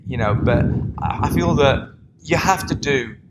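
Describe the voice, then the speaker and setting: A man at an ordinary middle pitch, talking as a podcast guest. He is a strength and conditioning coach who speaks loosely, restarting his sentences and acting out his own past words. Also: measured pace, heavy background noise. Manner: rambling, restarts often, quotes himself. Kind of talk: casual podcast conversation.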